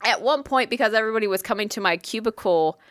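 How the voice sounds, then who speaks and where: A young woman co-hosting a casual chat, telling an animated story full of swearing and "like". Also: on the high side, fast, no room sound. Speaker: podcast co-host.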